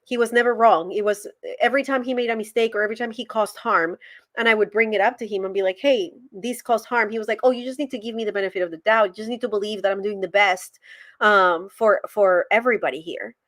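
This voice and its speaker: A woman's voice: mid-range voice, steady tone, quick pace, a bit bright. A woman from Colombia with a Colombian Spanish accent, a former pastor in casual conversation, acting out quoted dialogue as she tells stories.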